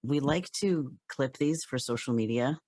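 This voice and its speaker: Calm podcast host explaining the format. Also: mid-range voice, unhurried, no room sound, studio quality. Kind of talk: podcast interview hosting.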